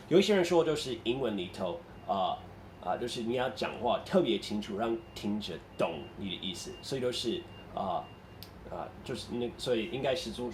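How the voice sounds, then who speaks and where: A male English teacher giving a recorded class lecture, explaining and rephrasing his points as he goes. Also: lowish voice. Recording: echoey room with faint noise.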